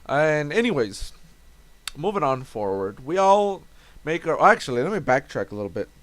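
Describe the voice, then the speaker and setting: A man's voice: on the high side, very animated, moderate pace, no echo. A young man casually recapping a tabletop game session, rambling, swearing and correcting himself. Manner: rambling, self-interrupting, swearing.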